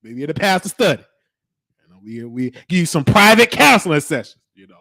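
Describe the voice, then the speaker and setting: A man's voice: a little high, sing-song, brisk, creaky, pushed and bright, dry recording. A man delivering a comedic mock sermon in a preachy, scolding church cadence. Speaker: host.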